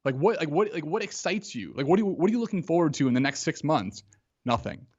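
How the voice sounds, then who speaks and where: A man in his thirties tells a personal story as a podcast guest, his voice sitting a little high for a man. He talks casually and acts out the lines of the people in his story. The audio is slightly dull and lo-fi. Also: quick pace. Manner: animated storyteller acting out quotes, lots of "like".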